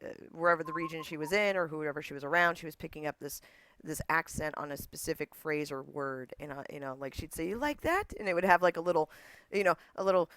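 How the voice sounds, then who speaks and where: A man chatting as an interview guest, animated, laughing often and acting out the voices of people he quotes. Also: a little high, fast talker, smooth, no echo. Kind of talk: casual interview chat.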